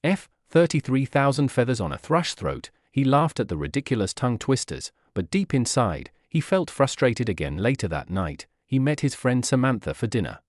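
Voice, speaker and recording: Man, graded-reader narrator, clear measured delivery, lively intonation. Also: medium pitch, no room sound, studio quality. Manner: clear, measured reading for learners. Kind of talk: scripted storybook narration.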